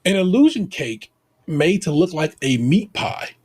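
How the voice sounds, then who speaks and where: His voice is fairly high with a breathy edge, delivered a little slowly. An American podcast co-host, he recaps a baking show in an animated, playful, slangy chat, leaning Southern with "y'all."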